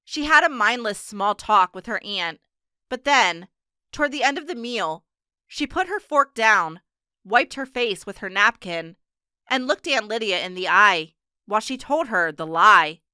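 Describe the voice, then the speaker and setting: A woman reads an audiobook aloud in a steady, measured way. Her voice is bright and crisp, and the recording is close and completely dry. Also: medium pitch, no room sound. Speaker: audiobook narrator. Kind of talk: scripted narration.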